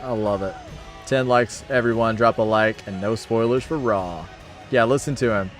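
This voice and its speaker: A man's voice: fairly low pitch, moderate pace, soft background music. A man hosting a casual livestream, chatting upbeat and friendly as he thanks viewers by name. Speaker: livestream host. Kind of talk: casual chat reading viewer comments.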